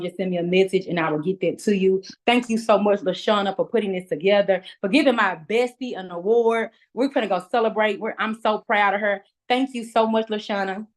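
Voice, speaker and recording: A woman giving a casual, upbeat guest talk over a video call, speaking in a chatty, conversational way. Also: medium pitch.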